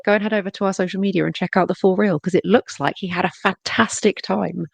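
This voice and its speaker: A woman's voice: medium pitch, fairly even intonation, fast talker, creaky, breathy edge, no echo. A woman hosting a podcast segment in casual chat, upbeat and a little theatrical as she moves things along. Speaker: podcast host.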